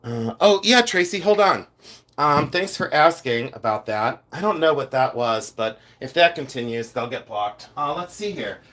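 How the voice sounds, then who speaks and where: A man's voice: mid-range voice, expressive, normal speed, fairly bright tone. A man hosting a casual live stream from his home studio, chatting to viewers in a scattered, rambling way. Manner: chatty, scattered, talks to chat while rummaging around. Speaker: livestream host, silversmith.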